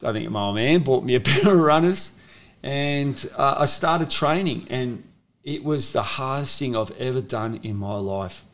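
A man's voice: medium pitch, a little slow. An Australian man in his fifties, a former rugby league player, telling stories in a casual, rambling way with many restarts. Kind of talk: casual storytelling interview.

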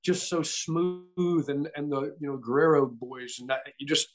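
A man's voice: on the high side, a little slow. A middle-aged man with a Southern US accent, telling stories casually and acting out the quotes. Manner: animated, acts out quotes, laughs often. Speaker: podcast guest, former wrestler. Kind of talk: casual storytelling.

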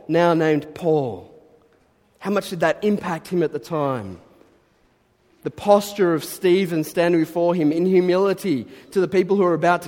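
A man's voice: a little high, darkish tone, in a large hall. A man preaching a sermon as a pastor, conversational and earnest, building to emphatic bursts.

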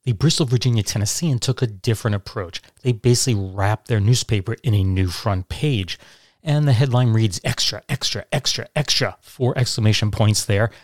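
A man presenting and reading aloud old newspaper headlines, talking informally and reading quoted lines slowly and deliberately. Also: fairly low pitch, darkish tone, no echo, clean studio sound. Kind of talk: informal educational narration.

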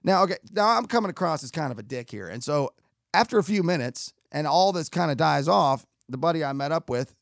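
A man's voice: a little high, fairly quick, vocal fry, dry recording, clean studio sound. A young adult man casually telling a personal story in a rambling, self-mocking way, full of restarts. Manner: animated, self-mocking, acts out quoted dialogue; rambling with frequent restarts and fillers.

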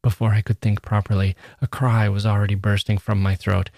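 A man, a podcast host, giving a measured and expressive first-person reading of a literary short story. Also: on the low side, vocal fry, dry recording, clean studio sound.

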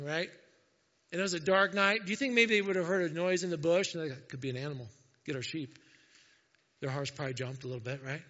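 A man with a high voice preaches to his congregation in an easy, conversational way, slipping into quick quoted voices along the way. The sound is muffled and dull, with a long reverb from the church hall. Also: pushed and bright. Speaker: pastor. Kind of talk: sermon. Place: church sanctuary.

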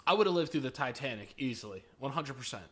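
A man's voice: mid-range voice, lively intonation, fast, fairly bright tone. A man co-hosting a comedy podcast, exaggerating and swearing emphatically in casual banter. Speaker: podcast co-host.

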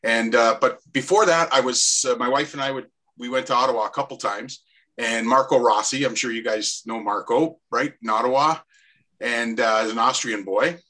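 A man's voice: medium pitch, moderate pace, bright, forceful tone. A man in his fifties, a podcast guest telling a rambling story full of restarts and fillers. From Canada. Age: 50s. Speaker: podcast guest, former player. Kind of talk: casual storytelling.

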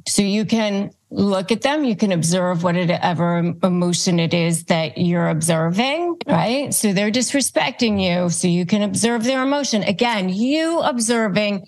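A woman hosting an advice podcast, walking through her points one by one and modeling calm phrases aloud in a steady, methodical way. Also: mid-range voice. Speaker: podcast host giving advice. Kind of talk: instructional monologue.

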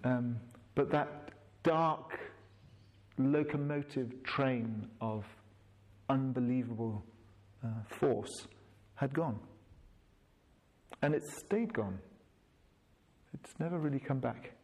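A man's voice: medium pitch, takes it slowly, pauses often, darkish tone. A man telling a reflective personal story in a wry, self-deprecating way, laughing at himself.

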